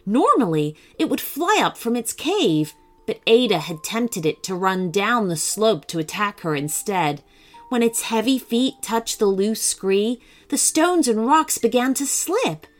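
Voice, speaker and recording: Slow, expressive woman storyteller. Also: medium pitch. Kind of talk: children's bedtime story narration.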